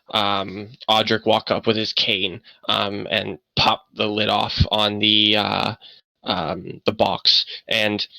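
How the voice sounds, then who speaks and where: A man narrating a tabletop game as game master, halting and full of fillers. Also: fairly low pitch, bright, forceful tone, dry recording, rough recording. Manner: many fillers, halting, stop-start narration.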